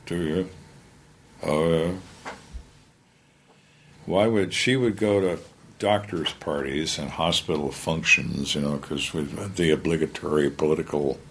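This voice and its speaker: An older man, a retired police lieutenant, telling his stories in conversation in a blunt, plainspoken way with halting restarts. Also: rumbling low, a little hiss or hum. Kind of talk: storytelling in a conversation.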